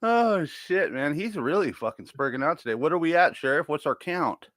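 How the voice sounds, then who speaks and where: Lively, bright-voiced joking man. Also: on the high side, normal speed, no room sound, studio quality. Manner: crude, joking, animated. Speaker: stream co-host. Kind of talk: casual reaction commentary.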